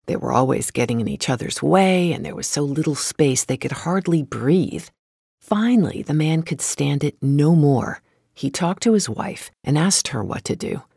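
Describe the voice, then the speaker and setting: A storyteller narrates a folktale in a steady, gentle storybook manner. The voice is gravelly and husky, at a middle pitch. The sound is dry and close to the mic. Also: no echo.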